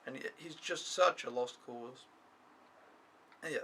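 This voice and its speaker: A man's voice: mid-range voice, a little slow, pushed and bright, slightly rough, rough recording. A young man talking to camera in a rambling, complaining vlog recap, swearing often. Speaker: au pair vlogger. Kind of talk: casual weekly recap vlog.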